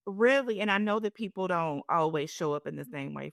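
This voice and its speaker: Woman podcast host, deep gravelly voice, dry sound, heartfelt and encouraging. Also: expressive, brisk, hardly any pauses, dry recording. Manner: emotional, encouraging, preacherly.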